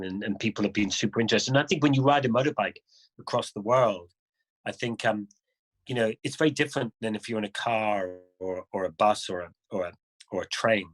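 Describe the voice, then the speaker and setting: Middle-aged man as a guest rider: fairly low voice, chatty storytelling that acts out the voices of people he met. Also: poor audio. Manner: animated, acts out other people's lines in the stories he tells. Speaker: guest adventure motorcyclist. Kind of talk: casual conversational storytelling.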